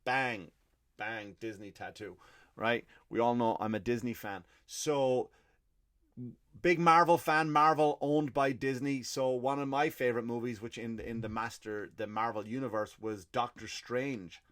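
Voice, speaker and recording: A man's voice: mid-range voice, steady tone, measured pace, fairly bright tone. An Irish man hosting a comedy podcast, telling a profane, rambling story in a monologue. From Ireland. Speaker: comedian host.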